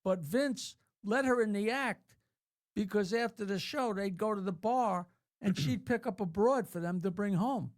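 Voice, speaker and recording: A man hosting a casual comedy chat. He is jokey and keeps cutting in with quick questions. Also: sits high. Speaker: host.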